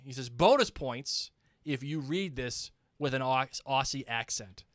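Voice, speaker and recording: A man co-hosting a podcast, chatting casually and reading listener emails aloud in a playful, animated way. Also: mid-range voice, a little slow, dry recording, studio quality. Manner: playful, animated, breaks into laughter. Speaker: podcast co-host.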